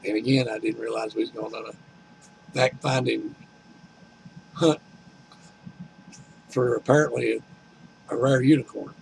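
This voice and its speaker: A man's voice: mid-range voice, steady tone, a little slow, vocal fry, pauses often, slight background noise, poor audio. An older man, telling a rambling, complaining story at home and retelling conversations in a folksy way. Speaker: vlogger.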